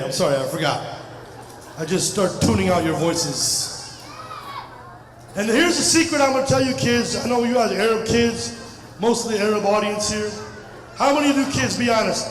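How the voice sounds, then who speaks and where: At a community festival, in a big hall, a middle-aged man from India does a stand-up set full of loud, animated, playful banter with the audience. He speaks in a high-pitched voice. Captured from afar on an echoey hall microphone, the clip carries crowd noise, murmuring, and laughter.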